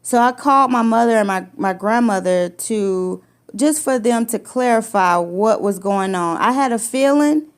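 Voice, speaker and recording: A woman's voice: a little high, normal speed. A woman sharing a painful personal story in casual conversation, emotional, restarting her sentences and acting out what others said. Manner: emotional, repetitive restarts, acts out quoted lines. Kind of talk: personal testimony, casual chat.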